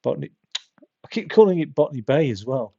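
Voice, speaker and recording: A man's voice: on the high side, sing-song, fast, vocal fry, mellow, husky, dull audio. A man rambling in casual gameplay commentary, often stopping and restarting his sentences. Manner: rambling, self-interrupting chatter. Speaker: streamer.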